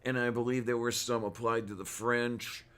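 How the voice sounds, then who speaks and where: A man co-hosting a casual chat show, talking hesitantly and softly with many pauses and restarts. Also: mid-range voice, level tone, clean tone. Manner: hesitant, many fillers and restarts, soft-spoken. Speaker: podcast co-host.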